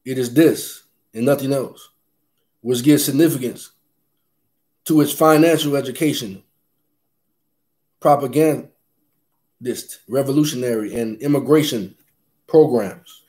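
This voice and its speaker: A man's voice: medium pitch, measured pace, pauses often, darkish tone. A man preaching and reading scripture aloud in a fervent, emphatic preaching cadence.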